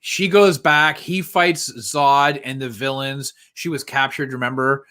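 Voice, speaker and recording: A man's voice: medium pitch, fairly even intonation, unhurried, bright, forceful tone. A man co-hosting a casual live podcast, animatedly retelling movie scenes and acting out the characters' lines with laughter. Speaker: co-host.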